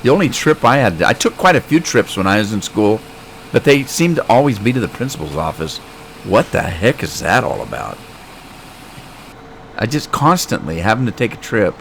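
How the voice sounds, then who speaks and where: A man's voice: lowish voice, very animated, normal speed. Chatty streamer man, faint hum. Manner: chatty, joking, reads chat aloud. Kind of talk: casual game live stream.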